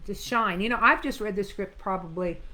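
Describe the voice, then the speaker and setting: A woman's voice: medium pitch, a little fast, very noisy. A middle-aged woman acting coach leading a script analysis class, talking emphatically and acting out quoted lines. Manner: animated, emphatic teaching with quoted line readings.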